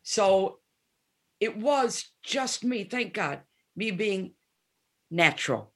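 A seventy-year-old woman, a musician guesting on an interview, speaks slowly in a mid-range voice. She's an animated storyteller who acts out the dialogue during this casual chat.

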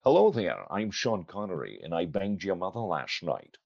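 A man doing a deliberately poor impression of a suave older man, pitched low and quiet. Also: huge pitch swings, creaky, dry recording, highs cut off, heavily acted. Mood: smug.

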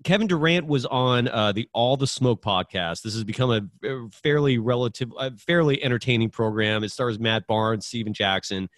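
A man co-hosting sports talk who sets up a clip quickly and energetically. His voice sounds dry and close to the mic. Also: mid-range voice, no room sound.

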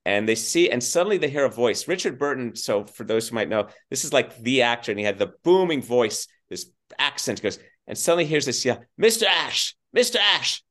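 Older guy, tennis journalist, chatty animated storyteller, keeps restarting. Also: mid-range voice, brisk, hardly any pauses. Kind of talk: casual storytelling interview.

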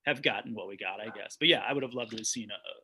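A man's voice: fairly low pitch, very fast, sharp tone. A man, a documentary director, telling stories in a casual interview, rambling with frequent restarts.

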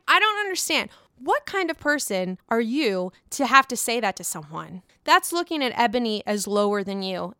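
A woman's voice: fairly high pitch, bright, forceful tone, clean tone, no echo, studio quality. A young woman giving casual, opinionated commentary on a reality show, candid and frustrated, swearing often and asking herself rhetorical questions.

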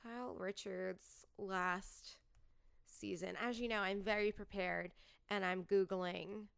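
A young adult woman hosting a podcast, chatting casually and full of fillers and quick asides. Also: medium pitch, fairly even intonation, creaky, fairly bright tone, smooth. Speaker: podcast host. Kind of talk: casual chat, reality TV gossip.

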